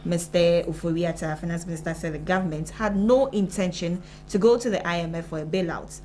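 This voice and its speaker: A Ghanaian woman co-hosting a morning show, reading news stories aloud in a steady delivery. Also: lowish voice, fairly quick, a little hiss or hum, poor audio. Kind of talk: news reading and studio chat. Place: broadcast studio.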